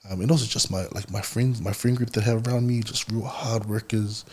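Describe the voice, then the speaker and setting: A man, a podcast guest telling stories in relaxed casual conversation. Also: lowish voice, fairly quick, breathy edge. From New Zealand. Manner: relaxed, storytelling, laughs often.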